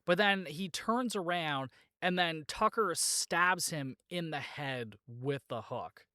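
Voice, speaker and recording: A man's voice: fairly high pitch, takes it slowly, pushed and bright, clear, resonant tone, dry recording, clean studio sound. Chatty man recapping a film. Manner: rambling, filler-heavy retelling with frequent "like"; jokey, laughs at his own asides. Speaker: podcast host. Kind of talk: casual movie recap.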